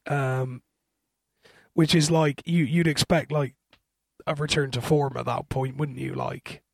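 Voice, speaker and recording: A man with a husky voice, co-hosting a podcast in a hesitant, wry, rambling chat. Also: mid-range voice, steady tone, a little slow, a little mellow, no echo, clean studio sound. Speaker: podcast co-host. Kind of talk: casual chat.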